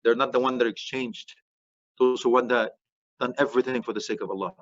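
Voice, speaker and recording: A middle-aged man giving a lively sermon, joking and dropping in phrases. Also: mid-range voice, quick pace, muffled recording. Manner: animated, joking, mixes Arabic phrases. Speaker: Islamic preacher.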